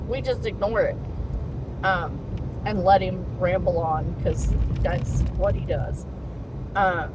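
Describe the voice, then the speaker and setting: A woman rambling casually to her camera, often laughing and swearing as she jokes darkly. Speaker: vlogger. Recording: loud rumbling road noise behind.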